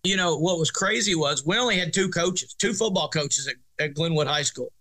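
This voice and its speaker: A middle-aged high school football coach from Arkansas, USA, appears as an interview guest, telling a story at normal speed in a fairly high voice. He's animated, rambles through many restarts, and laughs as he goes.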